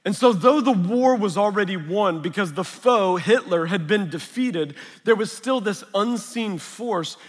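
A man's voice: high-pitched, lively intonation, measured pace, few pauses. A man preaching a sermon, mixing chatty storytelling and humor with Scripture. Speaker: pastor. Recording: long reverb of a large hall.

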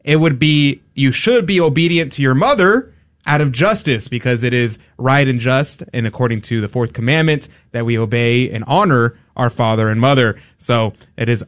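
A man hosting a radio show, running a quiz in a joking, upbeat game-show manner. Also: mid-range voice. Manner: playful, joking, upbeat encouragement.

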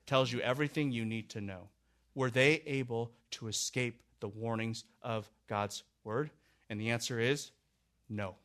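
A man preaching a sermon, rising to loud, urgent emphasis and dropping to hushed, low warnings, repeating phrases for weight. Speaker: pastor.

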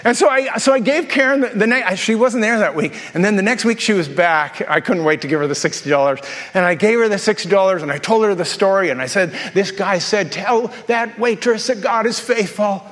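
A man's voice: high voice, a bit bright, big-room sound. A male pastor preaching a sermon with humorous storytelling and playful asides. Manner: jokey storytelling, quick asides and self-repeats.

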